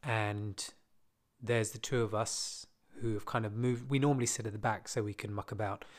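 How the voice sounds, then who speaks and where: Man telling a story, low-key. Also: normal speed. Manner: relaxed, conversational, self-deprecating asides. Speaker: podcaster telling a personal story. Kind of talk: casual storytelling monologue.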